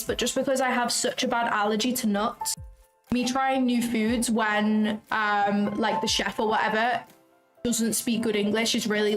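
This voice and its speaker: A young woman hosting a casual livestream, chatting in an effusive way and often saying "like" and "um". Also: a little high. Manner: chatty and effusive, drops in lots of "like" and "um". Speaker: trading livestream host. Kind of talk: casual livestream chat, reading out viewer comments. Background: faint background music.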